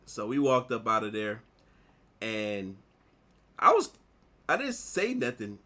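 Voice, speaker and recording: A man in his thirties, an artist vlogger, casually telling a personal story in a rambling, animated way while he works on a drawing. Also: fairly low pitch, slow pace. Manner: rambling, animated retelling with repeated "like".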